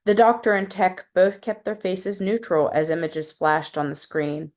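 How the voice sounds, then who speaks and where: A woman from West Virginia who introduces herself casually, with some halting, then reads her short fiction aloud in a steady way. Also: on the low side. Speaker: fiction reader.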